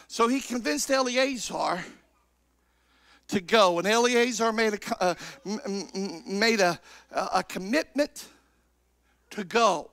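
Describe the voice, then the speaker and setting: A man preaching a fervent Pentecostal sermon in church, shouting in bursts and stretching his words. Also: high-pitched, unhurried, creaky, pauses often, no room sound, clean studio sound. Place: church sanctuary.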